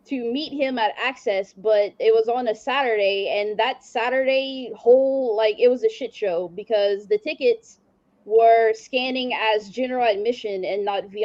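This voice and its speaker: A woman's voice: medium pitch, darkish tone, dull audio. A woman hosting a casual interview, telling rambling stories and laughing often. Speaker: host. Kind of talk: casual chat.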